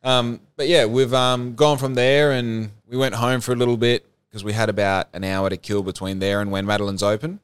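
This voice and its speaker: A young man hosting a podcast, telling a story in casual, animated chat with rambling asides. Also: medium pitch, brisk, hardly any pauses, clear, resonant tone, no room sound. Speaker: podcast host.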